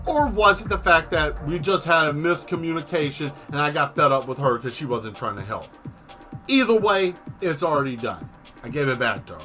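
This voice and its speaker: A man hosting a casual stream, telling a long exasperated story with plenty of swearing and animated asides. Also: on the high side, moderate pace, soft background music. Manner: exasperated, profane, animated retelling. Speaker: host.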